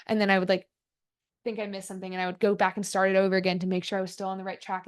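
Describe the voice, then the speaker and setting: Speaking very fast in a clean, medium-pitched monotone, this twenty-something woman runs a solo podcast. Her talk is chatty and open, full of "like" fillers and honest self-reflection.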